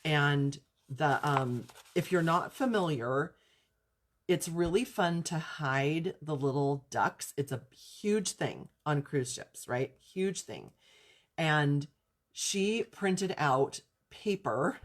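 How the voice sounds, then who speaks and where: Low voiced lady on a crafting live chat, chatty and gushy, says so cute a lot. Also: expressive, slow. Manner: gushing, chatty, lots of "so cute" and "I love this". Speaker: crafting channel host. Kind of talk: casual live chat showing craft gifts.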